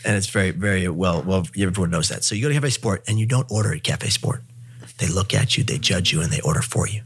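A husky, slightly low-voiced man telling a comic story as a podcast guest. He talks in an animated way and slips into other characters' voices as he goes. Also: quick pace.

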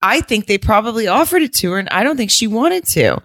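A woman's voice: fairly high pitch, very animated, brisk, fairly bright tone, no echo, studio quality. A woman from the Southern United States co-hosting a podcast, blunt and rambling in casual chat. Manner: blunt, rambling, swears freely. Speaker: podcast co-host.

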